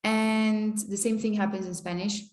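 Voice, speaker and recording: A French woman who teaches languages and vlogs records a casual monologue in an echoey hostel room in Mexico. Her voice is medium-pitched, darkish, flat, and a little slow, and she rambles chattily with lots of fillers like "you know" and "like."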